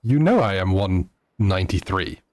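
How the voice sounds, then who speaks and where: A man chatting to viewers on a live game stream, halting often with fillers and restarts. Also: sits low, lively intonation, darkish tone. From Netherlands. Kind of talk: live gameplay stream chat.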